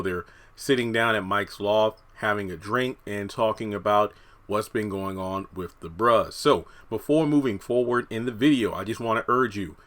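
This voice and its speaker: A man's voice: on the low side, fairly bright tone. A man giving casual, rambling commentary as a TV review YouTuber, slightly out of breath in a hot room with the fans switched off. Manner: rambling, conversational, many fillers.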